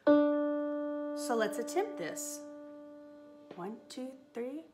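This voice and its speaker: A woman's voice: a little high, animated, a little slow, loud music behind the voice. A woman voice teacher giving a singing lesson, upbeat and encouraging as she coaches a phrase.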